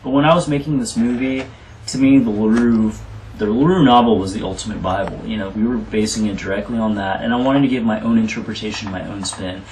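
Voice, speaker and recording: A film director answering interview questions with earnest, rambling explanations. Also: male voice, on the low side, steady tone, fairly quick, a little mellow, recorded from a distance, slight background noise. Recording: roomy, from off the mic.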